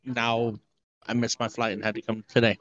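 A man's voice: mid-range voice, flat delivery, normal speed, a bit bright. A man calling in to a podcast from an airport, sheepish and defensive in casual chat. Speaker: podcast co-host. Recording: dull lo-fi remote line.

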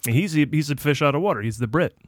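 Give me a playful man as a podcast co-host, with a very lively, expressive pitch. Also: quick pace, no room sound, clean studio sound. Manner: playful, jokey banter. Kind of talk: casual podcast chat.

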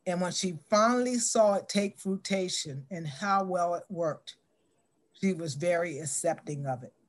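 A middle-aged woman telling a story in an interview, acting out the dialogue with lively shifts in voice. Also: on the low side, measured pace.

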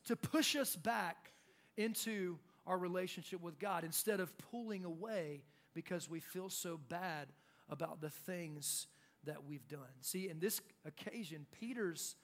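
A young adult male pastor preaching a sermon in an animated way, acting out quotes. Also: sits high, creaky. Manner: animated, acts out shouted quotes.

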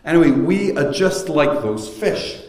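A man's voice: a little high, animated, measured pace, darkish tone. A man preaching a sermon as pastor, earnest and explanatory in a storytelling way. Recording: echoey room sound.

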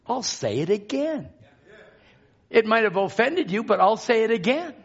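A man preaching a sermon, repeating phrases and swinging from hushed tones to shouts. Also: high voice, big pitch swings, moderate pace, slightly rough, dull audio.

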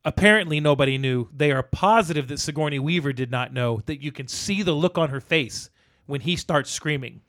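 Male podcast co-host, middle-aged, slightly high voice, rambling casual storyteller. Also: fairly quick. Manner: rambling, animated storyteller, acts out quotes. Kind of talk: casual movie chat.

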